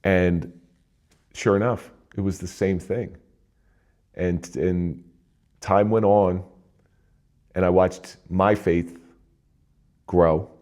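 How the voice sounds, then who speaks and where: As an interview guest, a middle-aged retired police officer from New Jersey shares his personal story in an earnest, conversational way. His voice is steady and darkish, extremely slow with long pauses, and marked by frequent restarts and emotional pitch swings.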